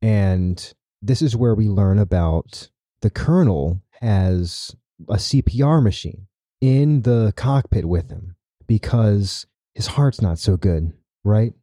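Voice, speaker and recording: Podcast guy with a deep mellow voice, retelling a story, dry close sound. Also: takes it slowly, dry recording. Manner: animated retelling, many "right?" asides. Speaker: podcast host. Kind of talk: casual chat recapping a story.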